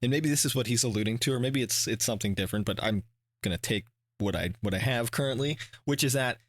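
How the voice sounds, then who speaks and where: A man's voice: medium pitch, quick pace, no room sound, studio quality. Rambling, earnest man reacting to a song. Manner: rambling, earnest, many restarts and fillers, swears when animated. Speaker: reaction video host. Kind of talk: casual reflective commentary.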